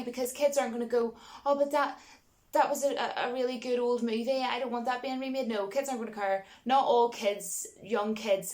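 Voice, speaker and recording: A woman vlogging her opinions on film remakes in a casual, exasperated rant, with frequent asides to her viewers. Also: mid-range voice. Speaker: vlogger reviewing films.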